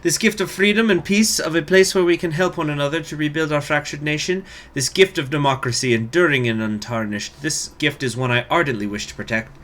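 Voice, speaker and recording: A man's voice: fairly high pitch, a little fast, few pauses, fairly bright tone, pitched above the performer's own voice, lightly acted. A man voicing a female Russian politician, giving a grand speech with a wavering put-on accent. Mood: solemn.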